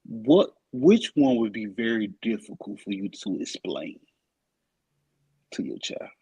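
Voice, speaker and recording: A man with a low, gravelly, husky voice asks loose hypothetical questions in easy podcast chat. His pitch moves around a lot, and the close mic sounds dry. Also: measured pace, no echo, rough recording. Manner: relaxed, poses hypothetical questions. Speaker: podcast co-host. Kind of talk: casual interview chat.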